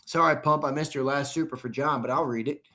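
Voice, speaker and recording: A young American man hosts a live fan show in a loose, chatty way, answering viewer comments as they come in. His voice sits a little on the high side. He can flare up into shouting before settling back down. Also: fast. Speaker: host. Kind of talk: live sports talk stream.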